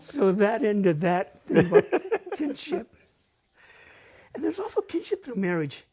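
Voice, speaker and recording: Male storyteller with a northern New Mexico accent, very husky mellow voice, lively and joking in delivery. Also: high voice, moderate pace. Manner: animated and humorous, mixing Spanish phrases. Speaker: storyteller at a community open mic. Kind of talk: casual personal storytelling.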